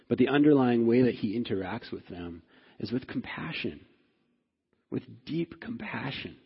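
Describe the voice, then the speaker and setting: A man's voice: medium pitch, slightly rough, in a large hall, lo-fi sound. A man preaching a sermon as pastor, earnest, often asking "right?" of his listeners and rising in force when stirred. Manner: earnest, repeats "right?" to the congregation.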